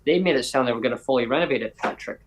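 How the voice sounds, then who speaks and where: A man's voice: mid-range voice, very fast, noisy background. A man hosting a podcast, telling a long story in casual chat and acting out other people's lines in quoted voices. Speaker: podcast host.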